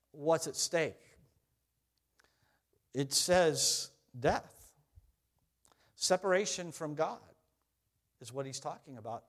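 A middle-aged man who is a pastor, earnestly preaching a sermon to his congregation. He swings up loud on scripture quotes and drops low and quiet on his questions.

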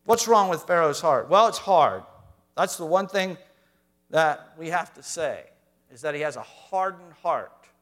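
A male pastor preaching in church, his voice sitting a little higher than most men's. He shifts from hushed, low asides to loud, emphatic lines and talks straight to the congregation. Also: animated, unhurried. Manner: reads scripture aloud, addresses congregation directly. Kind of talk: sermon.

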